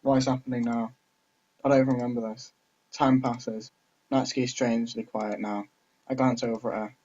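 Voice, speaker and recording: A man reads a game's story aloud and breaks in with chatty, joking comments. His voice sits at a middling pitch, and the recording sounds dull and lo-fi. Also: level tone, brisk, darkish tone. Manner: chatty, laughing asides. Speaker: let's player. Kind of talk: reading a game aloud with commentary.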